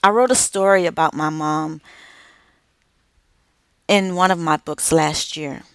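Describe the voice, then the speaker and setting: A middle-aged woman giving an inspirational speech about her family, slow and emphatic with dramatic pauses. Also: deep voice, fairly even intonation, fairly bright tone, clean tone, dry recording. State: tearful at moments. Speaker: author and speaker.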